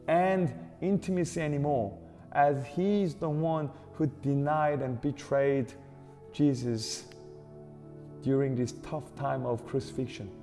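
A man preaching a sermon as pastor, slow and deliberate, stressing repeated questions. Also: a little high. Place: church hall. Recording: reverberant hall with soft music behind.

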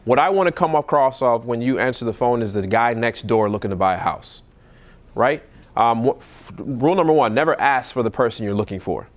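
A man, a real estate investor, giving casual seminar talk at a live event and acting out phone scripts in a lively voice. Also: fairly quick. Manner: animated, acts out calls in a higher voice.

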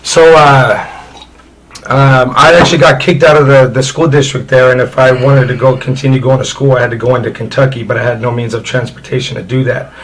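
A man from Indiana tells his own story as a guest. He talks loosely and candidly, leaning on "you know" between almost every thought. His pitch sits in an ordinary middle range. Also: fairly even intonation, fairly quick, fairly bright tone, slight background noise, low-quality recording. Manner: rambling, heavy with "you know" fillers.

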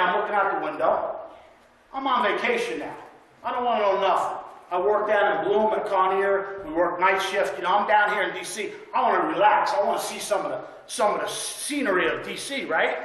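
A man's voice: high voice, fairly bright tone. A man preaching a sermon to a church congregation, telling stories in a folksy, conversational way and asking for amens. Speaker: guest preacher. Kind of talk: sermon with storytelling. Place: church sanctuary. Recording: very echoey church room.

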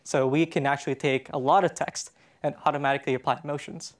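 A man's voice: on the high side, fairly even intonation, quick pace. A Canadian man giving a casual conference presentation, talking with many fillers and restarts. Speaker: conference speaker. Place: conference stage in a hall.

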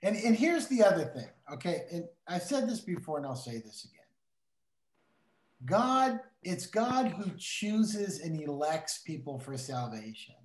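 A man's voice: sits high, very animated, measured pace. A middle-aged man teaching in a casual Bible discussion, earnest and emphatic like a preacher. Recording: roomy echo.

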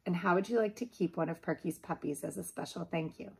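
A woman's voice: lowish voice, fast talker, gravelly, a little mellow, slightly rough, full character voice. Woman reading as a fussy lady dog owner. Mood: fretful.

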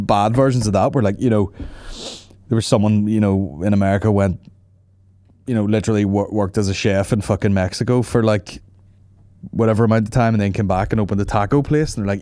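A man hosting a comedy podcast, bantering with animated, profane asides. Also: lowish voice, fairly quick, no echo, clean studio sound. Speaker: podcast host.

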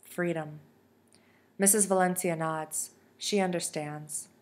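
A woman, a teacher, reading a novel aloud in soft, steady storytelling. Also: lowish voice, moderate pace. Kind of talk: audiobook narration.

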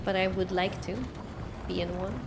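A woman streamer talking chattily through a game, breaking into yells. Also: mid-range voice, completely flat delivery, normal speed. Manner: chatty, bursts into yelling. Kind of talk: let's play commentary. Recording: noisy background.

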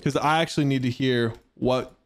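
A man hosting a game tournament, giving excitable, trash-talking live commentary that swings into yelling. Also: mid-range voice, moderate pace. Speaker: gaming streamer and tournament host. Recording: noticeable background noise.

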